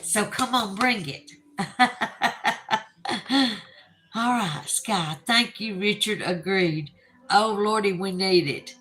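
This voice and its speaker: Slow-talking Southern woman livestreamer. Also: medium pitch, bright, forceful tone, low-quality recording. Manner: chatty, laughs often, reads viewer comments aloud. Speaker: livestream host. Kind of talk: casual livestream chat reading comments.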